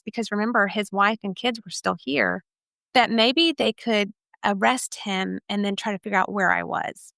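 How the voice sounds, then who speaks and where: A woman's voice: medium pitch, vocal fry, fairly bright tone, clean tone, no echo, clean studio sound. A woman from Texas, a podcast guest telling her life story in an earnest, emphatic way. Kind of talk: personal testimony storytelling.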